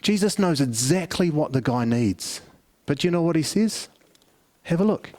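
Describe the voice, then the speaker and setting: A man's voice: fairly high pitch, animated, moderate pace, a little mellow. A middle-aged man preaching a family service sermon, telling stories conversationally with many restarts. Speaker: pastor.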